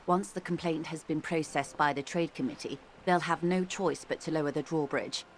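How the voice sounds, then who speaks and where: Cast a woman as a measured, persuasive corporate negotiator for a game. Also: low-pitched, steady tone, slight background noise, natural voice. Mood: calm, persuasive. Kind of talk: video game voice acting.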